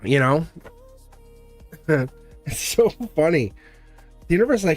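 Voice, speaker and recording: A man's voice: on the high side, sing-song, measured pace, pauses often, soft background music. A man giving a live tarot reading, blunt and chatty, laughing often and acting out little voices. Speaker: tarot reader.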